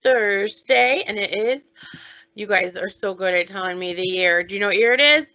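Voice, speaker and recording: A woman teaching young children online, talking slowly in a sing-song way as she leads chants, songs and counting. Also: mid-range voice, pushed and bright, lo-fi sound. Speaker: preschool teacher.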